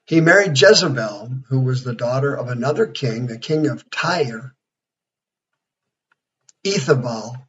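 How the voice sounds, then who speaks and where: A man's voice: medium pitch, animated, normal speed, few pauses, fairly bright tone. A man in his sixties giving a folksy, rambling radio Bible study as preacher and counselor. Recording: dull lo-fi radio sound.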